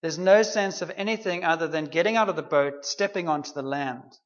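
A man's voice: a little high, fairly quick, highs cut off. A man preaching a sermon in a conversational, humorous way, with playful asides to the congregation.

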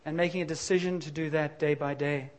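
Speaking quickly in a slightly high, steady voice, this middle-aged pastor delivers a sermon that feels candid, confessional and conversational. Every so often he breaks into sudden emphatic bursts.

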